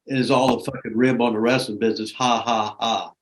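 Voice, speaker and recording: An older man, a veteran trainer, in casual chat, gruff and profane, breaking into loud outbursts when he tells stories. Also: medium pitch, fairly even intonation, brisk.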